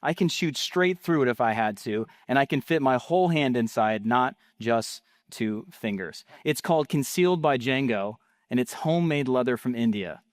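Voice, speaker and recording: Guy reading lines for a calm straight-talking woman in a product ad, plain voice, dry sound. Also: medium pitch, normal speed, no room sound, natural voice. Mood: calm, direct. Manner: reads a sales script plainly, no accent. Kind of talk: reading a video ad script aloud.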